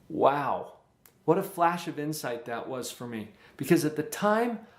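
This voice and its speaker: Animated man giving a motivational talk, roomy. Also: on the high side. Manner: animated, acts out quoted voices. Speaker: show host. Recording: echoey room.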